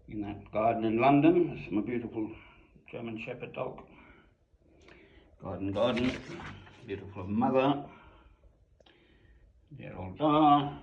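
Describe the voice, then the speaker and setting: An older man from South Africa reminiscing over family photos, musing aloud with frequent chuckles and softly repeated words. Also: on the low side. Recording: roomy, dull lo-fi recording.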